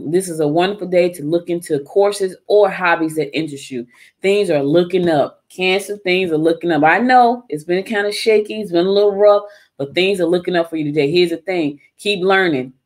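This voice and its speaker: A woman hosting a live show in casual chat, talking straight to her listeners and repeating her points. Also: on the low side. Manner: chatty, repeats phrases, addresses listeners as y'all. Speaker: host.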